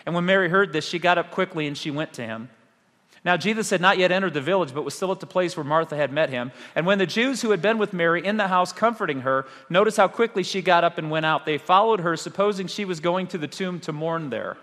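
A male pastor preaching a sermon, animated, with rhetorical questions and dramatic pauses. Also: high-pitched, in a large hall.

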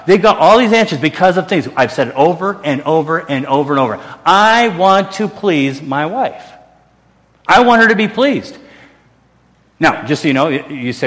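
A middle-aged male pastor preaches a sermon in a church sanctuary, his voice on the high side, brisk and a bit bright with lively intonation. He sounds earnest and conversational, restarting sentences and tossing in self-deprecating asides. The recording carries the long reverb of a large hall.

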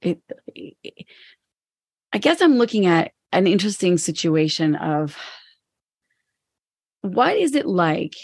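A woman co-host with a fairly low voice talks through personal experience in a candid, reflective way, sometimes acting out her inner voice. The recording is dry and close, with little room sound. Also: sing-song, takes it slowly, pauses often, a little mellow, slightly rough, no room sound. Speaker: podcast co-host and business owner. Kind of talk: casual podcast conversation.

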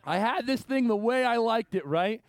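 Animated high-voiced male pastor preaching. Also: normal speed, no echo. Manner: animated storytelling, acting out quoted voices. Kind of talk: sermon.

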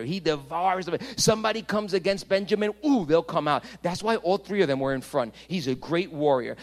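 Man preaching a dynamic sermon. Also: medium pitch. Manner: dynamic preaching, swings from loud to hushed. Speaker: pastor.

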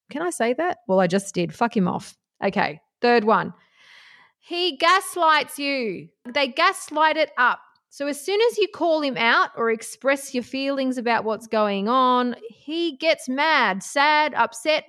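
A woman's voice: high-pitched, fairly bright tone. A woman talking bluntly and passionately as she gives relationship advice, swearing freely along the way. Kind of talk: casual advice monologue.

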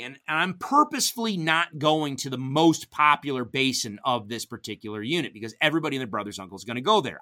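This is casual storytelling by a middle-aged man on a podcast, recounting his hunts with animation. He dramatizes what people said, his pitch jumping sharply.

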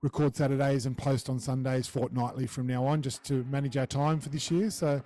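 A man's voice: medium pitch, little pitch movement, a little fast, dark tone. An Australian man co-hosting a casual sports podcast, agreeable and matter-of-fact. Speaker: podcast co-host.

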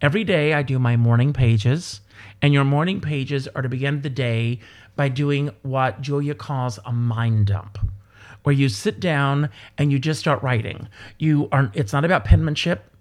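Man, guest performer, animated storyteller, rambling casual chat, mid-range voice. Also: mid-range voice, normal speed. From South Carolina.

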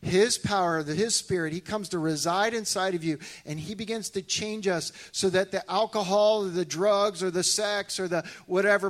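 A male pastor preaching a sermon in a casual, animated way, often restarting his sentences. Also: high voice.

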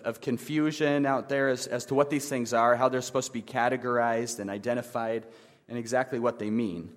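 Male pastor, 30s, easygoing humorous sermon, mid-pitched, long hall echo. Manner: conversational, self-deprecating humor.

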